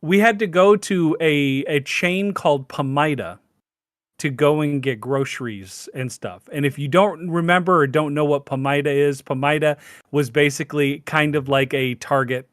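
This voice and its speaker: A man's voice: fairly high pitch, normal speed, fairly bright tone, no echo. Emphatic stammering man, dry recording. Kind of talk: casual discussion.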